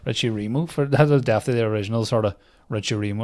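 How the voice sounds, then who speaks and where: A man's voice: mid-range voice, fast talker, darkish tone. A young man doing a casual, rambling comedy monologue as a podcast host, swearing often and mocking what he reads out.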